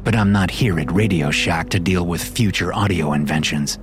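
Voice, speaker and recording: Deep-voiced man reading horror. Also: normal speed. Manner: wry, deadpan first-person delivery. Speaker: narrator. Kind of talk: first-person horror story reading. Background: music.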